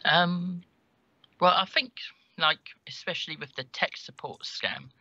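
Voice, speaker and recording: A male co-host giving a calm, measured opinion on a call-in show. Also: fairly high pitch, no echo, dull audio.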